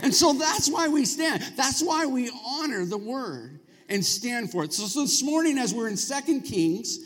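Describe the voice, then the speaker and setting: A male pastor preaches a sermon in a church sanctuary, speaking conversationally and prompting the congregation to answer back. His very high voice is animated at a moderate pace, and the recording carries the long reverb of a large hall.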